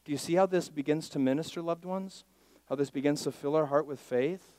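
Pastor preaching, hushed to booming. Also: male voice, a little fast. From Miami, Florida. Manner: swings from hushed asides to loud emphatic declarations; leads call-and-response with the congregation. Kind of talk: sermon.

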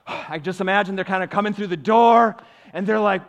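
A male pastor preaching a sermon in a church, earnestly swinging between loud emphasis and quiet, confiding asides. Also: sits high, brisk, gravelly. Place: church sanctuary. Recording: long reverb of a large hall.

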